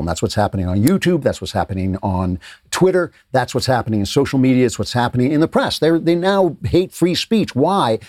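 A man's voice: mid-range voice, darkish tone, no echo, studio quality. A man hosting a political commentary show, speaking in an emphatic, sarcastic monologue with rhetorical questions.

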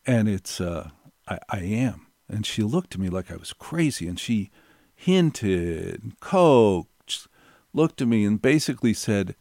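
A man's voice: lowish voice, big pitch swings, measured pace, darkish tone, dry recording, clean studio sound. A middle-aged man telling a personal anecdote in a wry, digressive way, circling back and repeating key phrases for effect. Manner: wry, digressive, building stories with repetition. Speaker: storyteller.

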